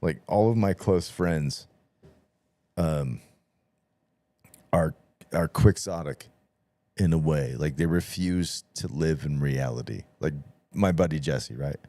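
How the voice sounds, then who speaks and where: A man's voice: very deep voice, slow, pauses often, dark tone, dry recording. A man hosting a podcast in casual chat, telling stories with lots of swearing and acting out both sides of each exchange. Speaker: podcast host.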